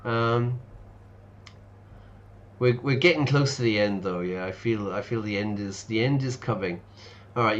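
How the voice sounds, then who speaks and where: A man's voice: medium pitch, muffled recording. A man, an English teacher, chatting casually and explaining words while streaming a game. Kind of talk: casual let's-play commentary.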